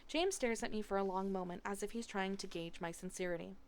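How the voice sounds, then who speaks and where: A woman reading a novel aloud live in steady, expressive narration. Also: medium pitch, fairly quick. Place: home streaming setup.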